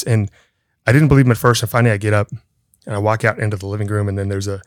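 A man's voice: fairly low pitch, flat delivery, very fast, no room sound, studio quality. A middle-aged man hosting a podcast, telling a story in casual chat, laughing often and acting out the voices in it. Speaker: podcast host.

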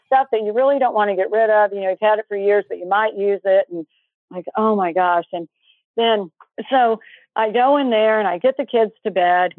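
A woman's voice: mid-range voice, no echo. A middle-aged woman earnestly telling a personal story as an interview guest, acting out the things people said. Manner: earnest, breathless storyteller, acts out quotes. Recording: tinny phone-like line.

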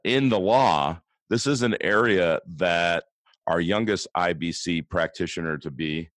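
A man's voice: sits low, unhurried, fairly bright tone, dry recording, studio quality. A man with a West Coast American accent, co-hosting a podcast in casual chat and often asking rhetorical questions. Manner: conversational, asks rhetorical questions. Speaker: podcast co-host.

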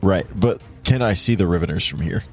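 A man's voice: deep voice, brisk, faint music behind. A hungover man playing a tabletop game, talking in a laid-back way. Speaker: player. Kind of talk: casual tabletop game chat.

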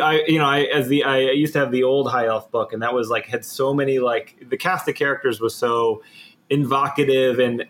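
A man chatting casually on a podcast, halting, with many fillers. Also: mid-range voice, a bit bright. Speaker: podcast co-host. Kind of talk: casual chat.

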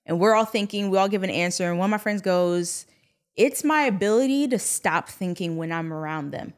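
A woman guest in a casual podcast chat, supportive and quick to agree. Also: mid-range voice.

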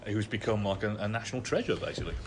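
A man's voice: on the low side, very fast, slight background noise. A man hosting a podcast, steering the conversation and moving it on to the next topic. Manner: steers the talk and moves between segments. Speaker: podcast host. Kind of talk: podcast presenting.

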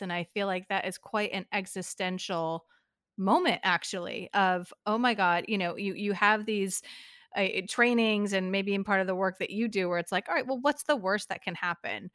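A woman's voice: medium pitch, fairly even intonation, normal speed, a bit bright, clear, resonant tone, no echo, clean studio sound. A woman hosting an interview over a remote call, engaged and affirming, asking long rambling questions. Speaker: interview host. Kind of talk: conversational interview. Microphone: remote call audio.

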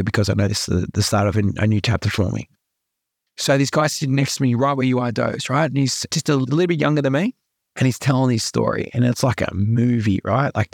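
A man's voice: medium pitch, gravelly, a little mellow, no room sound, clean studio sound. A young Australian man, a podcast guest, telling his personal story candidly, often repeating himself and adding "like" and "right". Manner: earnest, repeats himself, full of likes and rights.

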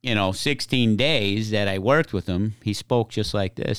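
A man's voice: fairly low pitch, moderate pace, smooth, no echo. A man with a Chicago accent, a firefighter guest telling anecdotes with frequent laughs in casual podcast chat. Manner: laughs often, tells anecdotes loosely.

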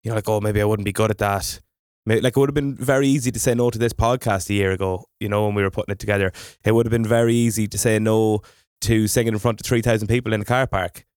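A man's voice: lowish voice, fairly even intonation, fast, a little mellow, smooth, no room sound, clean studio sound. A man co-hosting a podcast, talking things over earnestly in casual chat. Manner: earnest and reflective, with fillers and restarts. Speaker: podcast co-host.

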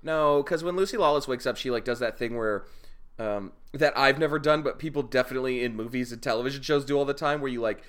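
A man co-hosting a casual comedy podcast, laid-back and wry with deadpan jokes. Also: mid-range voice, fast, clear, resonant tone. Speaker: podcast co-host.

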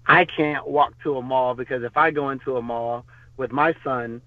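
A man's voice: medium pitch, steady tone, normal speed, dry recording. A man, a podcast guest, telling stories in a loose, rambling way with many fillers and restarts. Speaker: podcast guest, former bodyguard. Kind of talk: casual storytelling interview. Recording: tinny phone-line sound.

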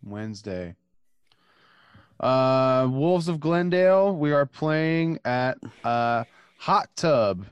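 Male guest, laid-back comedian, slow and easy, dry close mic. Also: medium pitch, lively intonation, clear, resonant tone, no room sound, highs cut off. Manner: easygoing, short agreeing replies. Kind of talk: casual chat.

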